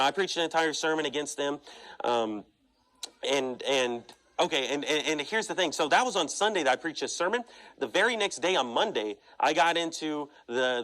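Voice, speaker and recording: A man's voice: medium pitch, fairly bright tone, low-quality recording. A man preaching, telling a story in a conversational, emphatic way and often saying "okay" and "you know.". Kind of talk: sermon storytelling.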